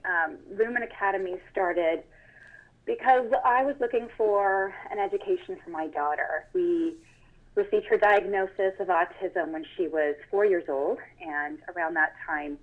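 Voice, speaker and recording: Composed woman guest, lowish voice, heard over a tinny phone line. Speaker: guest, school co-founder and president. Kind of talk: interview answers.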